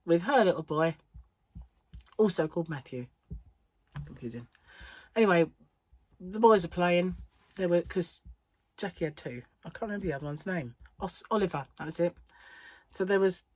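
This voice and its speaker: Chatty, giggly woman vlogger, lowish voice. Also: no room sound. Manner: chatty, rambling, laughs often. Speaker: crochet vlogger. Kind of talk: casual chat. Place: home on an English island.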